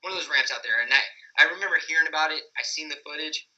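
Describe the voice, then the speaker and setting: A man's voice: a little high, rapid-fire, sharp tone, highs cut off. A man chatting on a podcast about motocross, joking, rambling and swearing a lot. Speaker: podcast guest, freestyle motocross rider. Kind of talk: casual profane banter.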